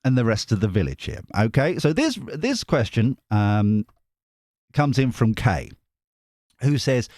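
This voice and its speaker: A man chats casually to his viewers as a tarot host, rambling and joking and often breaking off mid-thought. His pitch swings widely as he talks, and his voice is close and dry with no room around it. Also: very animated, a little slow, darkish tone, no echo. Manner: rambling, jokey, self-interrupting. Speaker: tarot reader and channel host. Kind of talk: casual chat to camera.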